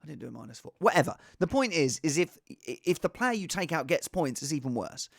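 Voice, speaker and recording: A man giving casual, rambling fantasy football advice in an excitable, self-deprecating way. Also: a little high, a little fast, gravelly, no room sound, studio quality.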